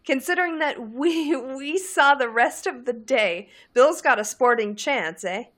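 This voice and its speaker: A woman's voice: high-pitched, expressive, unhurried, a bit bright, voice pushed up, full character voice. A woman reading as a cheeky teenage boy wizard. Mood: teasing.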